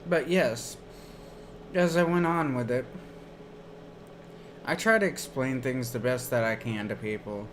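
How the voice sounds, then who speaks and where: A man's voice: medium pitch, fairly bright tone, slight background noise. A man streaming while gaming, telling rambling stories in a casual chat. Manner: slow rambling storytelling.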